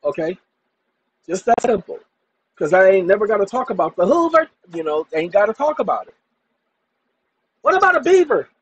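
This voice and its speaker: A man's voice: sits high, expressive, a little fast, husky, low-quality recording. A man hosting his own channel, talking to viewers in an emphatic, combative, colloquial monologue. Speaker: channel host.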